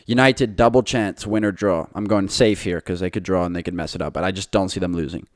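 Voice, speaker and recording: A man's voice: low voice, steady tone, a little fast, no echo, studio quality. A man hosting a podcast, giving his betting picks in a confident, chatty monologue to listeners. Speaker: podcast host.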